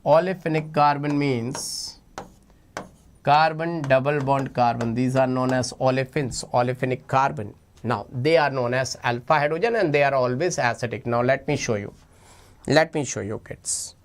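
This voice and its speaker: A man teaching chemistry for an exam in a playful, animated lecture, often repeating his phrases. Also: medium pitch, moderate pace. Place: online class recording.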